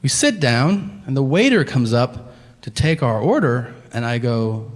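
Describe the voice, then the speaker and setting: A man's voice: mid-range voice, animated, unhurried. Exasperated male stand-up storyteller. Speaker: stand-up comedian. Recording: echoey venue, faint ambience.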